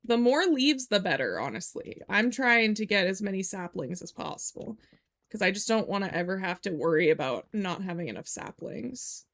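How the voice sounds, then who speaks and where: A woman's voice: mid-range voice, sing-song, moderate pace, creaky, fairly bright tone. A young woman streaming from home, chatting casually and rambling with lots of "like"s. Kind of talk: casual live-stream chat. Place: home room.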